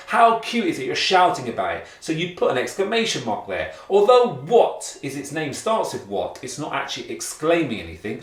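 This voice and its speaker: A man hosting a kids' grammar lesson, talking to the class in an energetic, encouraging way. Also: mid-range voice, roomy sound, far from the mic. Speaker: rapping teacher and show host. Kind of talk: upbeat grammar lesson for kids.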